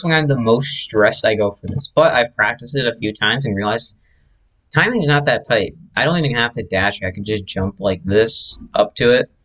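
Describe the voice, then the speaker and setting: A man's voice: mid-range voice, a bit bright, rough recording. A man who speedruns, casually explaining his own run over replay footage, chatty and correcting himself as he goes.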